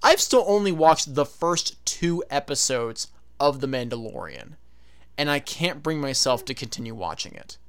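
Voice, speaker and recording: A man's voice: mid-range voice, big pitch swings, moderate pace, clear, resonant tone. A man in casual podcast chat, blunt and weary, swearing casually.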